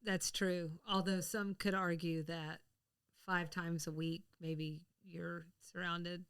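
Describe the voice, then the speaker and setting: A woman co-hosting a podcast in casual chat, chatty and quick to laugh. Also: fairly low pitch, level tone, fairly bright tone, clear, resonant tone. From the American South. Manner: chatty, laughs often, rambling restarts. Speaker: podcast co-host.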